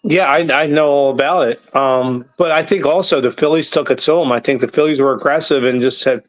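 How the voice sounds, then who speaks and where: A fired-up man co-hosting a sports podcast, swearing freely as he rants with a somewhat high voice. The recording sounds dull and lo-fi. His delivery is emphatic and blunt. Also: a little fast, no echo. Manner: profane, emphatic, rising to near-shouting rants. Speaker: podcast co-host. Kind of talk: casual sports talk.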